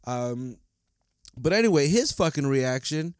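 A man's voice: fairly high pitch, animated, measured pace, darkish tone, smooth, dry recording, studio quality. A man hosting a solo podcast, rambling and heated, swearing constantly as he vents. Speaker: podcast host. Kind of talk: casual solo podcast rant.

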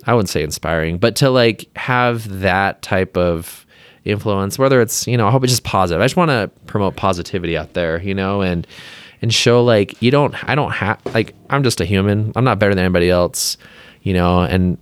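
A man's voice: deep voice, brisk, smooth. A man who is a plastic surgeon, chatting casually as a podcast guest, talking in loose rambling sentences full of fillers and openly emotional. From Utah, US.

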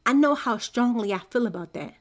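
Earnest soft-spoken woman podcast host. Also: fairly high pitch, lively intonation, brisk. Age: young adult to middle-aged, a mother. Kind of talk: faith podcast monologue.

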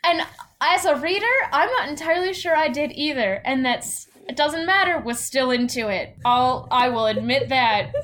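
A woman's voice: high-pitched, moderate pace, a bit bright, a little hiss or hum. A woman co-hosting a casual podcast, retelling a novel's plot and acting out the characters' lines with plenty of laughter. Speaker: podcast co-host. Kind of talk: casual book chat.

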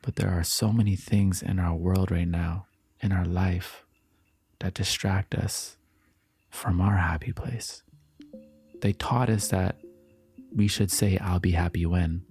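A man giving a calm, reflective motivational talk, repeating affirmations and sometimes dropping into a soft whisper. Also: low voice, unhurried, breathy edge, no echo, soft background music. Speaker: motivational speaker.

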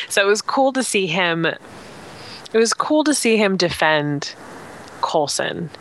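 Bright-voiced woman in casual chat. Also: lowish voice, lively intonation, normal speed. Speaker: podcast co-host. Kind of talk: casual chat about TV episodes.

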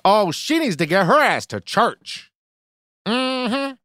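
A man's voice: high voice, big pitch swings, slow, fairly bright tone, dry recording, studio quality, pitched above the performer's own voice, heavily acted. A man putting on the voice of a sassy older church-going matriarch as a joke on a podcast. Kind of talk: podcast impression bit.

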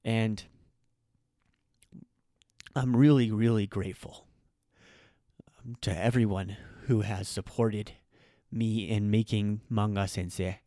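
A man with a lowish voice hosts a podcast, talking slowly with many pauses and ums. His emotion shows as he thanks his listeners. The sound is dry and close. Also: steady tone, mellow, no echo. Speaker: podcast host. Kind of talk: heartfelt spoken thanks.

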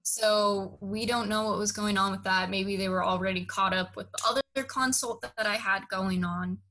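Young woman, bright tone, casual storytelling, animated, recounting her experience. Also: medium pitch, normal speed, poor audio. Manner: animated, acts out quoted dialogue. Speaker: interviewee recounting her enlistment process.

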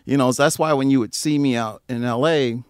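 A man telling stories in a casual chat, swearing freely, laughing often and jumping into loud, high mimicry. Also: steady tone, a little fast, smooth, dry recording, studio quality. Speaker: guest musician. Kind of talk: casual storytelling.

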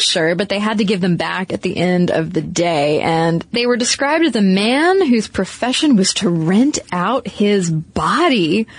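A woman's voice: medium pitch, dry recording. Wry woman podcast host, dry close sound. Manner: wry, teasing asides. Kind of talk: casual conversational history chat.

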